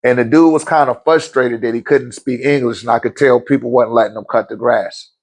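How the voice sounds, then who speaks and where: A man's voice: mid-range voice, fairly quick. A man hosting a casual Q&A, telling a story bluntly with lots of swearing and frequent laughter. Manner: blunt, profane, laughs often, lively swings. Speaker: host.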